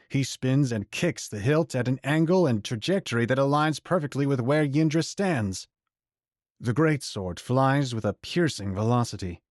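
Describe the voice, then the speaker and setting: A man narrating a fantasy audiobook in a measured, even storytelling voice. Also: medium pitch, no room sound, clean studio sound.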